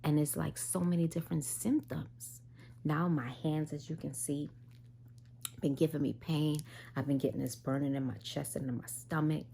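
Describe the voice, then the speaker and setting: A woman vlogger casually telling a personal story, animated, tired and unwell. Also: low voice, moderate pace, gravelly, slight background noise. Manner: animated retelling, quoting others in dialogue.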